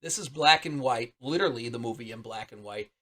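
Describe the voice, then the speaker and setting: A man's voice: mid-range voice, fairly quick, bright, forceful tone. A young man co-hosting a casual movie podcast, chatting and sharing trivia about films. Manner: chatty, shares film trivia. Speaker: podcast co-host.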